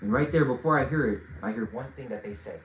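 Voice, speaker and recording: A man telling a long story in a casual way, swinging between loud bursts and low mutters. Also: fast talker, slight background noise. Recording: roomy echo.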